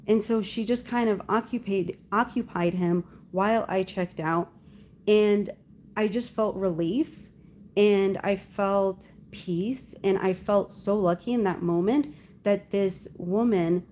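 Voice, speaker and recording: Young woman, casual livestream chat, mellow warm tone, chatty rambling storyteller, lots of "like" fillers, mid-pitched voice. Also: takes it slowly, a little hiss or hum. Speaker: livestream host talking with viewers.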